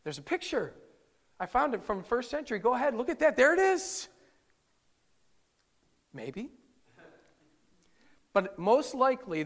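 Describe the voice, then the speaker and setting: Animated male preacher, high pitched, echoey hall sound. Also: gravelly. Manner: animated storytelling, chuckles often. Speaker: pastor. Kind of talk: sermon. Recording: long hall reverb.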